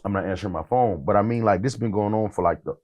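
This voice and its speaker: A man's voice: on the low side, quick pace, darkish tone. A man who is a rap artist, telling stories in a casual interview in a laid-back, rambling way, full of fillers and acted-out quotes.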